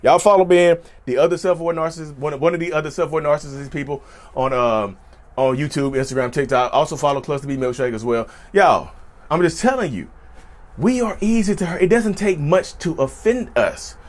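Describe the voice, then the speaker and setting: A man's voice: a little high, fairly quick. A man hosting his own channel in a casual monologue, repeating his points and calling his viewers "y'all", his voice sometimes cracking. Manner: animated, repeats phrases, addresses viewers as y'all. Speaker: YouTube channel host.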